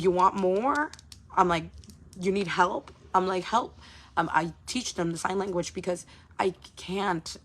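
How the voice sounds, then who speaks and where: A woman content creator talking bluntly and casually to her supporters on a livestream, swearing often and throwing in quick asides. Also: lowish voice, vocal fry, fairly bright tone.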